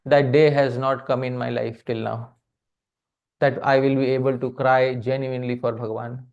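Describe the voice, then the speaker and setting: A man giving a devotional lecture on poetry who keeps addressing his listeners as dear devotees, asks them questions and chants verses slowly before translating them. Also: mid-range voice, flat delivery, a little mellow, clean tone. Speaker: speaker giving a scripture class. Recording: slightly muffled recording.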